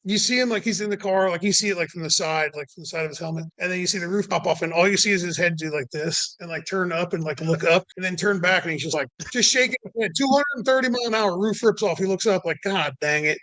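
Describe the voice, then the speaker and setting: A man, a race car owner, telling stories casually in an interview, animated and full of "like" fillers, acting out quotes. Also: high-pitched, fast talker, hardly any pauses, low-quality recording.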